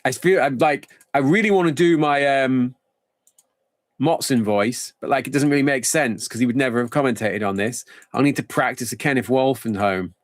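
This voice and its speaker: A man's voice: medium pitch, moderate pace, dry recording. A man streaming a football management game live, thinking aloud in a rambling, casual way.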